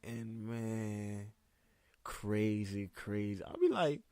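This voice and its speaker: A young man co-hosting a podcast in casual chat, animated and laughing often. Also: medium pitch, normal speed, no room sound. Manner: animated, laughs a lot, slips into creepy old-man voices. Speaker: podcast co-host.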